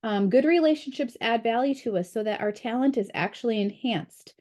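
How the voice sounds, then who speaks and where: A woman's voice: a little high, a little fast, darkish tone. A woman leading a book study group over a video call, talking in a chatty, candid way with frequent fillers. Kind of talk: casual group discussion.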